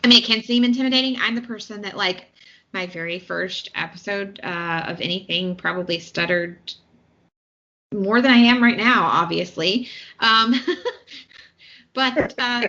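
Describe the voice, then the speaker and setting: A woman's voice: medium pitch, unhurried, sharp tone. Chatty Southern American woman podcaster. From Southern United States. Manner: chatty, many fillers and restarts. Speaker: podcast co-host. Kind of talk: casual chat. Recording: slightly dull lo-fi audio.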